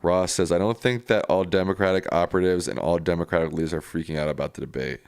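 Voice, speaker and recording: Low-voiced man hosting a live stream. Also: steady tone, fast, a little mellow, clear, resonant tone, no room sound, studio quality. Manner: casual, plainspoken replies to viewer comments. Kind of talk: live stream reading viewer chat.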